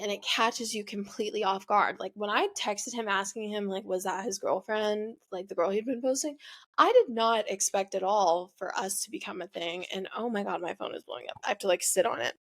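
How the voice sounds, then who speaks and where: A woman's voice: medium pitch, normal speed. A young woman hosting her own show, telling a personal breakup story in a rambling, confessional way, full of "like" and "you know". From United States. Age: young adult. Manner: rambling, heavy use of "like", emotional confessional. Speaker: podcast host.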